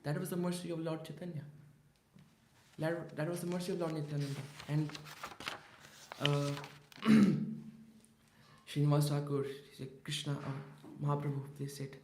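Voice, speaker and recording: A man's voice: on the high side, normal speed, long pauses, slight background noise. A man leading a daily religious class, telling a devotional story with restarts and repetitions. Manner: animated, many restarts and repetitions. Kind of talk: storytelling sermon. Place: temple hall. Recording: echoey hall.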